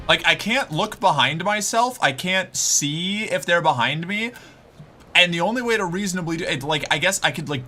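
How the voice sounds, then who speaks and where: Animated, jittery male game streamer. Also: on the high side. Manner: anxious, swears, talks himself calm with repeated phrases. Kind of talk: gameplay commentary.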